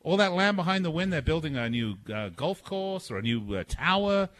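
A man's voice: a little high, sing-song, brisk, fairly bright tone, no echo. A man co-hosting a sports talk radio show, joking and teasing in casual studio banter. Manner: joking, teasing, laughs at own jokes. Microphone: studio microphone.

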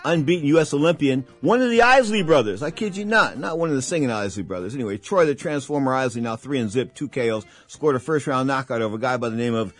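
A male boxing radio host talking excitedly and rambling, repeating himself as he comments on fights. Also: medium pitch, fast talker, few pauses.

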